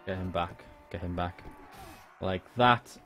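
A deep, pushed and bright male voice takes things slowly, with faint music and background noise behind it. He's a young Welshman casually streaming a strategy game, swearing and joking around with chat.

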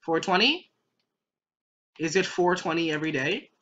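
Bright-voiced young gamer, jokey and rambling. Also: medium pitch, expressive, normal speed. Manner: jokey, rambling, talks to the game. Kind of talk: let's play commentary. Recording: dull lo-fi recording.

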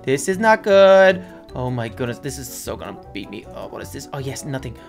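A woman commenting excitedly while playing a video game with a friend, exclaiming and laughing often. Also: rumbling low, quick pace, creaky, faint music behind. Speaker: let's play gamer.

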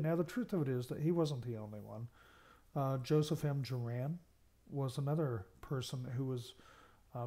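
An American man lectures on management in a recorded university class, his mid-range voice dark in tone. He explains concepts, hits key words with emphasis, and frequently checks in with "okay."

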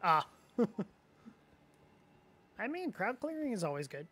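Guy gaming with a friend, bright higher voice, jokey, bit of hiss. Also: big pitch swings, slow, husky. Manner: jokey, laughs often, swears. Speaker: gamer. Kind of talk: casual co-op gaming chat.

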